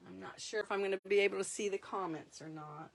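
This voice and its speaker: A woman's voice: medium pitch, fast, gravelly. Chatty woman demonstrating paper crafts. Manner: chatty, laughs often between remarks; restarts and corrects herself mid-sentence.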